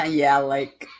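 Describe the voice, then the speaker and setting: Rambling, chatty channel host. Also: medium pitch. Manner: rambling, chatty, many fillers. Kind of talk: casual livestream chat.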